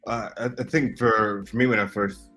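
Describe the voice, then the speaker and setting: Deep-voiced Southern man, easygoing. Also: steady tone, normal speed, fairly bright tone, soft background music. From North Carolina, US. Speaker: voice actor. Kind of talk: casual chat on a livestream.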